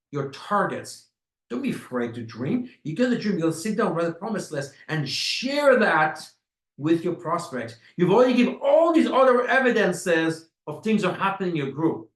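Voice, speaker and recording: A man with a high voice delivers a motivational sales training, hammering points home through repetition and drawn-out words. His voice rings around a reverberant room. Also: very animated. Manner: emphatic and repetitive, stretching key words. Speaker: network marketing trainer.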